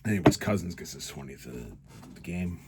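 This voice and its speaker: A man's voice: low-pitched, expressive, fairly quick, heavy background noise. A man hosting a casual hockey recap, ranting in a sarcastic, rambling way. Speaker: host.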